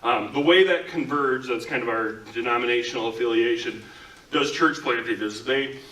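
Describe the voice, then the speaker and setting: A male pastor delivering a relaxed, conversational sermon, peppering his talk with "like." His voice is bright and forceful, and it rings through a roomy church space, picked up from a little away from the mic. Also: mid-range voice, moderate pace, far from the mic. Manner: casual, talks with frequent "like" fillers. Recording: echoey room, speaker away from mic.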